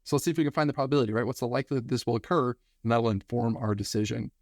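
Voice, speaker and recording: A man's voice: medium pitch, racing, a little mellow, no room sound, studio quality. A man teaching a recorded statistics lesson, talking energetically and repeating phrases for emphasis.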